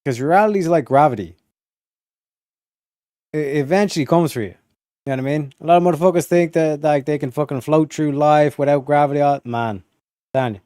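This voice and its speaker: A man's voice: fairly high pitch, a little fast, pauses often, warm tone, no room sound, studio quality. A man streaming live, commenting on footage in a blunt, profane, mocking way.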